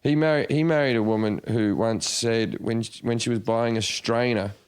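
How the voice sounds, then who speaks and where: An Australian man talking casually on a comedy podcast, rambling through anecdotes and often restarting his sentences. His voice sits at an average pitch for a man. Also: clear, resonant tone. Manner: rambling storyteller with halting restarts. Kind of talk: casual chat.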